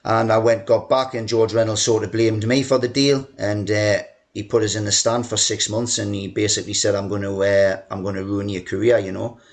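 A man yarns away as a podcast guest about his football days. He talks in a loose, chatty way, full of "you know" and "like", and now and then puts on a boss shouting down the phone. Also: on the low side, level tone, a little fast. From England. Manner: mimics a shouting chairman in quoted lines. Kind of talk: casual storytelling interview.

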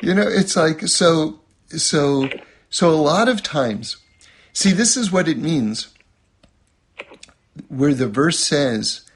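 A man teaching a religious lesson, telling a personal story and acting out quotes in a much higher voice, often checking in with "okay?". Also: expressive, takes it slowly, long pauses, breathy edge. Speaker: Torah teacher.

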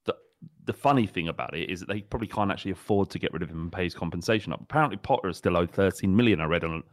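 A man co-hosting a casual football podcast, measured and wry as he builds his points. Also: low-pitched, no room sound. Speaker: podcast co-host.

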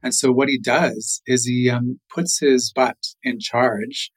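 A middle-aged man from Canada, a guest telling a traditional legend in an unhurried way, with chuckles and "you know" asides. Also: mid-range voice, fairly even intonation, breathy edge, low-quality recording. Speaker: guest storyteller. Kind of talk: oral storytelling.

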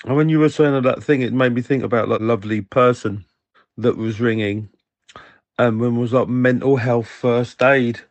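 A man's voice: medium pitch, fairly even intonation, moderate pace, no room sound, dull audio. Cheeky man leaving a voicemail. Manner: gossipy, cheeky, talking while eating. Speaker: caller. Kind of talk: casual voicemail.

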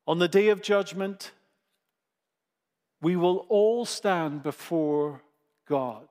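A man preaching a sermon, slow and emphatic, with dramatic pauses. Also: high-pitched, darkish tone, long reverb tail.

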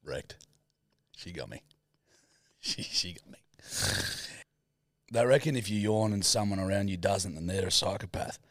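A man's voice: low-pitched, measured pace, long pauses, dry recording. A young man co-hosting a podcast, joking crudely and swearing freely. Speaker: podcast co-host. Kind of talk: casual chat.

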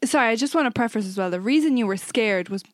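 A young woman with a high, lively voice reacts and teases in casual podcast talk. She chimes in with short prompts and quick questions. The sound is close and dry. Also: no room sound. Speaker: podcast co-host. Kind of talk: casual chat.

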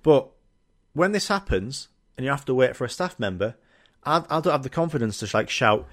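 A man's voice: medium pitch, lively intonation, normal speed, a bit bright. A young man hosting a podcast, rambling through a sweary, jokey comic monologue. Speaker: podcast host. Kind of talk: casual comedic monologue.

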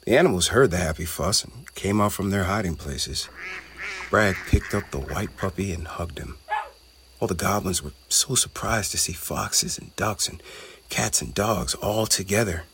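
A man narrating a children's storybook in a gentle, measured way. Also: low voice, lively intonation, a little hiss or hum.

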